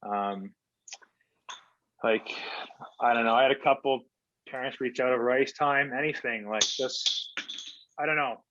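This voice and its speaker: A former hockey player tells stories in a casual interview, laid-back and rambling with plenty of fillers. His medium-pitched voice is a little slow and pauses often. The remote recording is dull, lo-fi and very noisy.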